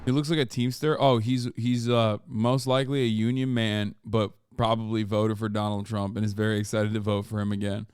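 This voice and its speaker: Excitable cursing streamer man. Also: on the low side, fairly quick, few pauses, clean tone, no echo, clean studio sound. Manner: profane, excitable, laughing. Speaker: streamer reacting to a documentary. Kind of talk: casual reaction commentary.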